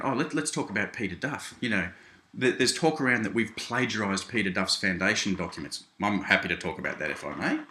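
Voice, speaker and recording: An Australian man speaks to the camera from a small home office, indignant and tangling his words as he rebuts a critic. His voice sits low but sounds bright and forceful. The small room gives it a noticeable echo. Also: slight background noise. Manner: indignant, keeps saying "mate", many restarts. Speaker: video blogger responding to critics. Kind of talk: casual direct-address rant.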